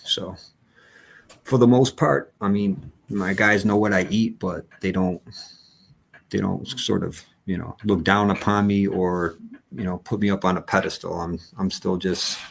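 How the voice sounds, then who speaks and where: A male host in a casual live-show chat who talks hesitantly, with many pauses and ums. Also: sits low, steady tone, vocal fry, husky.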